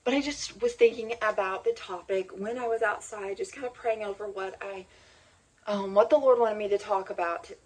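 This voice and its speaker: A woman's voice: medium pitch, normal speed, low-quality recording. A woman chatting casually as a homeschooling mom vlogger, rambling and heartfelt. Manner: rambling and chatty, with many restarts and "like"; heartfelt, near tears. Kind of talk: casual sit-down chat.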